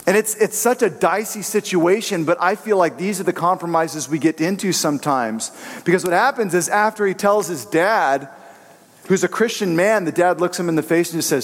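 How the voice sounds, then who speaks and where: A man's voice: sits high, lively intonation, normal speed. A man preaching a sermon in an earnest, conversational way, telling personal stories to make his point. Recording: long reverberant hall.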